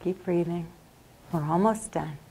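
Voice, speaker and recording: A woman leading a workshop, guiding a group through a meditation in a slow, calm and soothing way. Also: fairly low pitch, slight background noise. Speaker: workshop leader. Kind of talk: guided meditation. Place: classroom or workshop.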